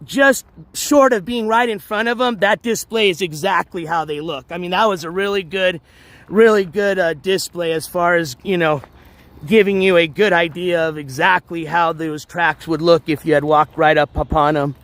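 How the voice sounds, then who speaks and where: A man's voice: a little high, normal speed, fairly bright tone, no room sound. A man live-streaming outdoors on a trail, chatting casually to viewers with lots of fillers and restarts while walking.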